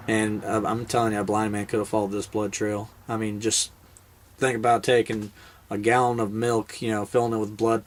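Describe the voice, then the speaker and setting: A man, a military veteran, casually telling a hunting story in a rambling, laid-back way with many fillers and restarts. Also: lowish voice.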